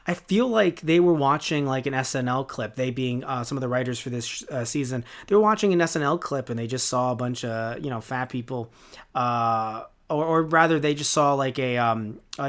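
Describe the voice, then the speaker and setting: On his podcast, a man in his twenties delivers a loose, sarcastic review full of rambling, filler words, restarts and self-corrections. His voice is mid-range and a bit bright.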